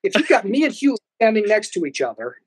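Animated, higher-voiced man telling stories. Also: fast talker, breathy edge, no echo, rough recording. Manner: animated storyteller who laughs often. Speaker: podcast guest. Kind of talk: casual storytelling chat.

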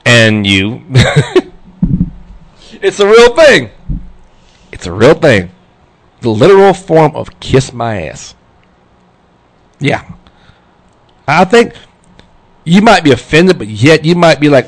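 Guy hosting internet radio, slightly high voice, super animated storyteller, laughs a lot. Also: slow, long pauses. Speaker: radio show host. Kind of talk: casual on-air chat.

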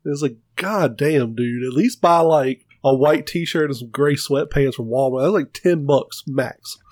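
A man's voice: medium pitch, measured pace, no room sound. A man co-hosting a podcast, telling stories in casual, profane chat. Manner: profane, animated storytelling. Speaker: podcast co-host.

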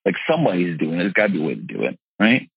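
A man's voice: deep voice, sing-song, racing, creaky, breathy edge, no room sound, dull audio. A man telling his personal story in an interview in an earnest, emphatic way, restarting often as he goes. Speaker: real estate investor and seminar teacher.

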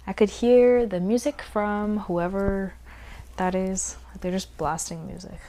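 A young woman hosting a casual podcast, congested, rambling and correcting herself, often dropping to quiet asides. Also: mid-range voice, steady tone, takes it slowly. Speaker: podcast host. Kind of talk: casual chat recap.

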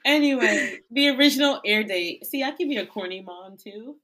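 This is a woman in her thirties co-hosting a relaxed podcast. She speaks at an everyday pitch, cracks jokes, and sometimes breaks into song mid-conversation. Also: normal speed. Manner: joking, playful, bursts into song. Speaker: podcast co-host. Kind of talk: casual chat.

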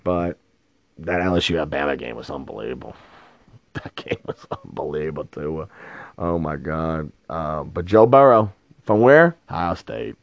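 A middle-aged man hosts a sports podcast in casual chat, blunt, opinionated, and swearing freely. His very deep, creaky voice is expressive at normal speed, and the recording has a dull lo-fi sound.

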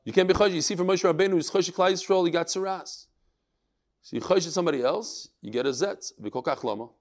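A man giving a Talmud class lecture, explaining quickly and acting out the people he quotes. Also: high-pitched. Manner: animated, acts out quoted speakers. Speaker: Talmud teacher.

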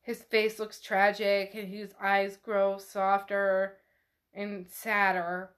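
A woman's voice: mid-range voice, completely flat delivery, takes it slowly, fairly bright tone. A woman hosting a podcast, retelling a novel in a casual, chatty way, full of "like" and swearing. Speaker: podcast host. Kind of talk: casual book recap chat.

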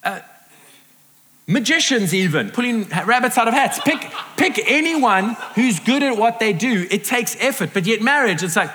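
A middle-aged man preaching a sermon to a live audience, lively and acting out the voices he quotes. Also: very high voice, moderate pace, slight background noise. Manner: animated, acts out quoted voices. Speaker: pastor. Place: large hall with audience. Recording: reverberant hall.

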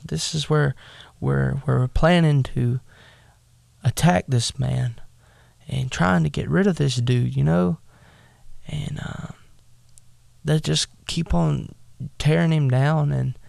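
A man leads a casual bible lesson in unhurried, halting speech. He fills his pauses with ums and uhs. His voice is deeply gravelly and sounds dry, right up on the mic. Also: a little mellow, no room sound. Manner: casual, halting, with many fillers. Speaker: bible study teacher. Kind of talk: bible lesson, retelling scripture.

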